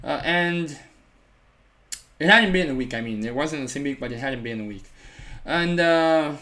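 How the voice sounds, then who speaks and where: A man whose voice sits on the high side speaks at a moderate pace and pauses often while casually sharing a personal story in a storytime vlog. He animates the retelling with frequent "like"s and acts out the quoted voices of others.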